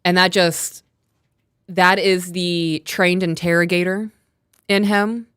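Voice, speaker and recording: Woman chatting thru a true crime recap, kinda low voice, super dry sound. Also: takes it slowly, smooth, dry recording. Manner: reads quotes aloud, animated retelling. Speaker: podcast co-host. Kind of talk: casual true-crime breakdown.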